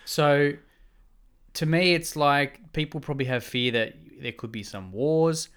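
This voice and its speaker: A man's voice: a little high, a little slow, fairly bright tone, smooth. A man in casual conversation, arguing and speculating in long run-on points. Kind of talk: casual chat.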